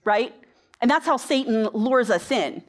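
Woman preacher, fairly high voice, chatty sermon delivery with rhetorical questions. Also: animated, measured pace. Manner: conversational storytelling with rhetorical questions.

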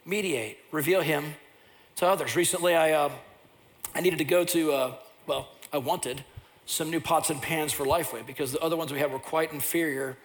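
A pastor preaching a sermon, telling personal stories, and at times rising into loud impassioned preaching. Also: male voice, on the high side, moderate pace.

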